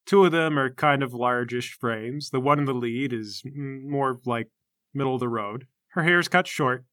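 Bright-voiced man running a tabletop game. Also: medium pitch, normal speed, dry recording, studio quality. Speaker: game master.

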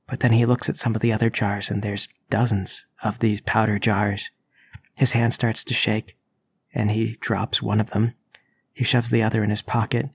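A man narrating as game master in a tabletop game, telling the story steadily with soft asides. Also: lowish voice, flat delivery, moderate pace, gravelly, husky.

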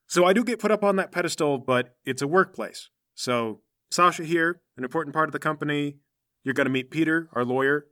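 A man voicing a friendly, down-to-earth male superhero who leads a small team, speaking in a relaxed, reassuring and chatty way. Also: a little high, a little fast.

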